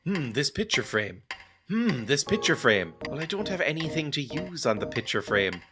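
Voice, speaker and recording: A man's voice: on the high side, very animated, moderate pace, music in the background. A man giving casual, sarcastic commentary while playing a video game, joking and laughing often. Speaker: let's play gamer.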